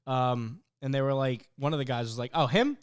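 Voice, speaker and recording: Stories pour out of this young podcast co-host in casual chat, delivered a little fast in a smooth, mid-range voice. He's animated, swears freely, and acts out what people said.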